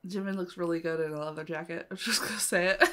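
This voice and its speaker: A woman reacting to a music video, gushing with quick exclamations and casual asides. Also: lowish voice, steady tone, very noisy.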